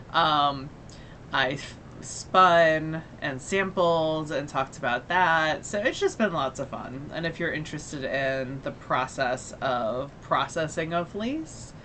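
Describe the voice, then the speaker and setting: A woman with a slight mix of Northern and Southern US accent chats on a podcast at an unhurried pace. Her voice is bright and forward. She rambles casually, pausing on little fillers as she goes. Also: sits low, lively intonation, slight background noise. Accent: slight mixed Northern and Southern US. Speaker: podcast co-host. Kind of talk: casual chat.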